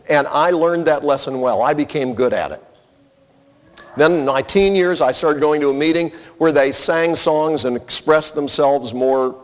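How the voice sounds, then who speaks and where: A man preaching a sermon as pastor, earnest and conversational, telling personal stories to his congregation. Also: on the high side. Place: church sanctuary. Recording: long reverb of a large hall.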